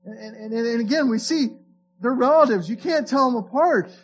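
High-voiced man preaching a casual sermon. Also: moderate pace, muffled recording, slight background noise. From Florida. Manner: conversational, repeats words when restarting, reads scripture aloud. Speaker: pastor.

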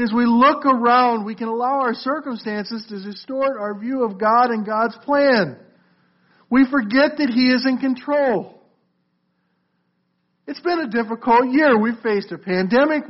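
A man's voice: very high voice, measured pace. A man preaching a sermon as a pastor, earnest, calling listeners folks and often repeating words as he restarts. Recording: muffled lo-fi recording.

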